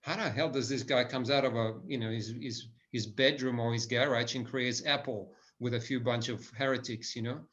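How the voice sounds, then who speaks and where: Male business speaker, mid-range pitch, eager and rambling lecture delivery, slightly muffled recording. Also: steady tone, normal speed, hardly any pauses, fairly bright tone. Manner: enthusiastic, frequent restarts and "right?" tags.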